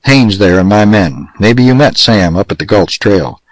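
Husky cornered lawman, rough frontier drawl, read by a man, dry sound. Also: fairly low pitch, lively intonation, normal speed, no echo. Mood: wary.

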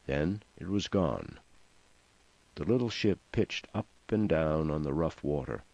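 A man narrating an audiobook with expressive storytelling. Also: extremely low pitch, a little slow, dry recording. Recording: dry, slightly muffled lo-fi recording.

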